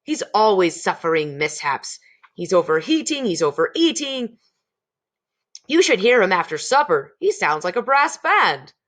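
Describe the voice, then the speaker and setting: A woman's voice: mid-range voice, very animated, measured pace, a bit bright. A woman reading aloud, voicing a large, coarse father who talks curtly and rudely. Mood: blustering. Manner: blustering, curt. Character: large, coarse, rude middle-aged father.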